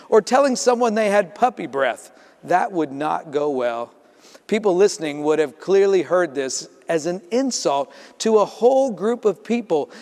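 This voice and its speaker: A man preaching a sermon as pastor, telling the story in a lively way and acting out the voices in it. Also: a little high. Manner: storytelling, acts out voices in quotes. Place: church sanctuary. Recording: reverberant church sanctuary.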